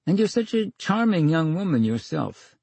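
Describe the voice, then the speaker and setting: An older man spins anecdotes on a radio show, his pitch swinging animatedly as he acts out each exchange. His voice has a slightly husky edge. The studio sound is dry and close. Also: sing-song, normal speed, darkish tone, dry recording. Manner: theatrical storyteller, acts out dialogue, wry. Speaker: radio interview guest. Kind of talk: storytelling in a radio interview.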